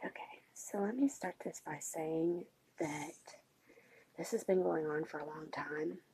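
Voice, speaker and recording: A woman vlogger talking quietly at home late at night so as not to wake anyone, halting and pausing with many fillers. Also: deep voice, husky, rough recording. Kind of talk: late-night confessional vlog.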